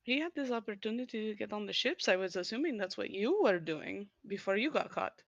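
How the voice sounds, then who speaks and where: A woman's voice: mid-range voice, lively intonation, brisk, dry recording. A woman playing a tabletop role-play, teasing and probing, laughing often. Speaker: player. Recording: dull, lo-fi mic.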